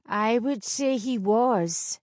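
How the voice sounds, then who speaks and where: A woman voicing a wise old crone with the sight, speaking in a slow, knowing, archaic way. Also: on the high side, a little mellow, dry recording, clean studio sound, pitched above the performer's own voice. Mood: cryptic. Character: wise old female crone seer, cryptic.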